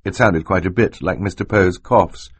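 A man reading an audiobook in a measured, expressive narration style. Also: low voice, husky, no echo. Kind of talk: scripted narration. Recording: dry close recording.

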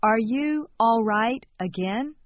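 A woman reading short phrases calmly, with careful enunciation, for a language lesson. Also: fairly high pitch, takes it slowly, no echo. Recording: dull, lo-fi sound.

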